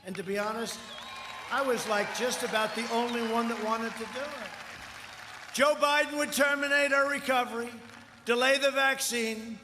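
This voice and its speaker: A man's voice: extremely high pitch, steady tone, normal speed, sharp tone, some chatter behind. A man in his seventies giving a campaign rally speech, rambling and repetitive with mocking asides. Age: 70s. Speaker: political candidate at a rally. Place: large outdoor rally. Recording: echoey rally sound system with long reverb and faint noise.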